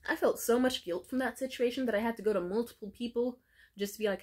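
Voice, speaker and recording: A young adult woman vlogger tells a long story in a casual, profane rant, packed with "like" fillers and animated retelling. She talks fast in a mid-range voice.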